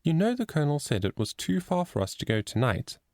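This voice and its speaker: A man's voice: fairly high pitch, very animated, fairly quick, a little mellow, dry recording, clean studio sound, pitched above the performer's own voice. A man voicing an eager schoolgirl in a storybook reading. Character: eager schoolgirl, older sister.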